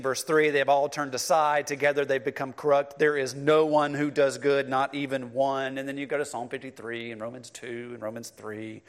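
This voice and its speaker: A middle-aged man preaching a sermon in a conversational, animated way, talking directly to his congregation. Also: mid-range voice. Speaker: pastor.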